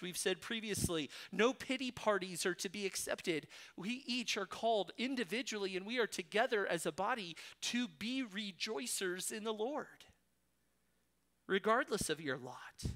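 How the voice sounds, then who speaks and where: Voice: mid-range voice, lively intonation, moderate pace, fairly bright tone. A preacher giving an expository sermon in an emphatic, exhorting way, with rhetorical questions.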